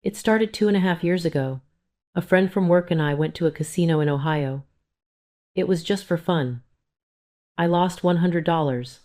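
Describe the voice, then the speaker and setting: A woman's voice: lowish voice, moderate pace, warm tone, lightly acted. A woman voicing a guilt-ridden male gambler who stammers and pleads, in a first-person audio story. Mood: confessing.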